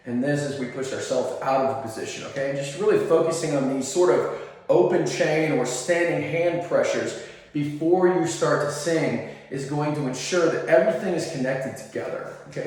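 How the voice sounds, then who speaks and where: Guy walking you thru arm exercises, chill demo talk, big echoey room w long reverb. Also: mid-range voice. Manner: relaxed, talks while demonstrating exercises, frequent "okay?" check-ins. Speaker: fitness coach for singers. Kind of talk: instructional demonstration.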